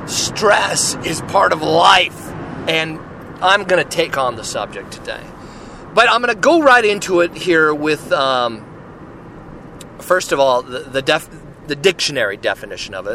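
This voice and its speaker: A man's voice: on the high side, bright, forceful tone, slight background noise. A man hosting a solo podcast, talking in a rambling, chatty way and often checking in with "right?". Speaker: podcast host. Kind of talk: casual solo podcast talk.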